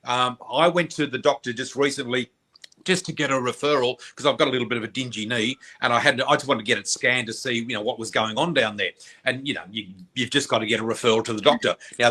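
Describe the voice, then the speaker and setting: Man, 60s, bright forceful tone, animated storyteller on a talk show. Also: medium pitch, fast, husky. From Australia. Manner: animated, repeats phrases for emphasis. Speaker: guest psychic. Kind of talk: casual conversational storytelling.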